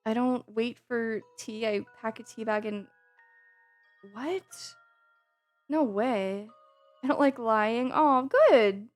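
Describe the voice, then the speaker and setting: A woman's voice: a little high, slow pace, pauses often. Woman streamer, casual live chat, laughs easily, swears offhand, faint music underneath. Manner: chatty and giggly, swears casually.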